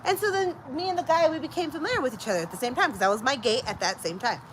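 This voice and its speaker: A woman's voice: high-pitched, racing, slight background noise, poor audio. A middle-aged woman hosting a casual chat, telling a story and acting out the voices of the people in it, with bits of Spanish mixed in. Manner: animated, acts out quoted voices, mixes in Spanish. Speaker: host.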